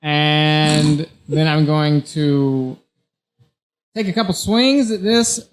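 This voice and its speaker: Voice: mid-range voice, drawn-out words. Player describing character actions. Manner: playful, describing actions with chuckles. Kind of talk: casual tabletop chat.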